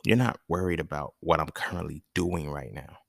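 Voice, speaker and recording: A man's voice: a bass voice, moderate pace, gravelly, no room sound, clean studio sound. A young man hosting a podcast, telling stories in a loose, profane, emphatic casual monologue. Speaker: podcast host.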